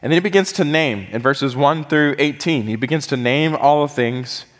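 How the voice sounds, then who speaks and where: A man's voice: mid-range voice, normal speed, a bit bright, in a large hall. A man preaching a sermon as pastor, earnest and building into fervent, pleading prayer.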